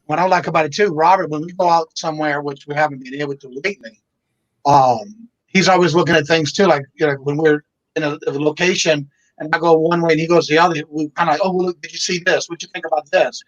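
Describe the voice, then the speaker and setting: A man from Louisiana talks in an easygoing, rambling way, often repeating words as he goes. His voice sits a bit high, and the audio is muffled and very dry. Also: fairly even intonation, quick pace, no room sound. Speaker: reseller and show host. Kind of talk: casual livestream chat.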